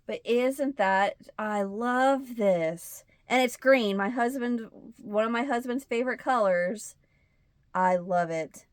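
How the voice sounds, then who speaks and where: This woman hosts a crochet channel and has a Midwestern American accent. Chatting casually, she tells a rambling story at a slow pace, voicing bits of dialogue in a higher pitch, and the recording is dry.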